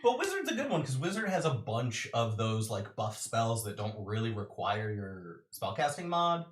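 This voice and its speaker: A man's voice: mid-range voice, sing-song, moderate pace, distant mic. A man as game master explaining his homebrew rules, eagerly clarifying details. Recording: roomy echo.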